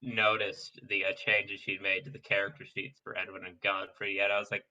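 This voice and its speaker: A man's voice: lowish voice, completely flat delivery, normal speed, sharp tone, dull audio. A man playing a tabletop game, chatting casually and relaying stories about the game. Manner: chatty storytelling. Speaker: player.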